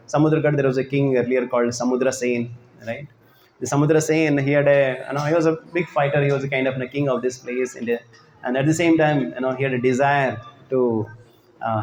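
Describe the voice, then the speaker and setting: A man's voice: medium pitch, slight background noise. Man lecturing in an echoey space. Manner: fills with "you know" and "right?", acts out quotes. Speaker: devotional speaker. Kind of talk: storytelling lecture on a pilgrimage.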